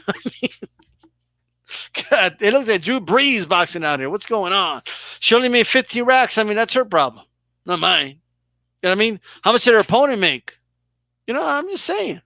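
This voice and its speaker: A man's voice: sits high, big pitch swings, normal speed, long pauses, bright, forceful tone, dry recording. A man hosting a live boxing talk stream, talking casually and emphatically, swearing freely. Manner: emphatic, swearing, exaggerated mock reactions. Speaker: boxing show host.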